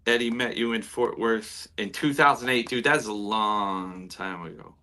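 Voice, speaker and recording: A man with a fairly low but bright, forward voice hosts a casual online show. He reads out comments from viewers and puts questions to his guest over a video call. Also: unhurried. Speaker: show host. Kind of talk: casual chat.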